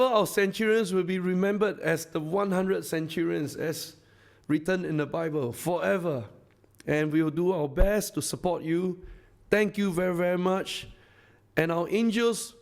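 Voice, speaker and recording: A man with a Singaporean English accent, a company founder giving an effusive, repetitive live stage speech that rallies the crowd. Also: sits high. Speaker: company founder addressing a masterclass audience.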